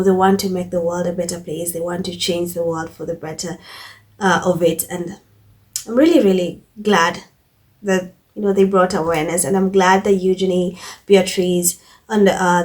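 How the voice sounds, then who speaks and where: A woman hosting a commentary channel, reading out news quotes and then giving her own opinions in a casual, emphatic way, often repeating herself and pausing with fillers. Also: on the low side.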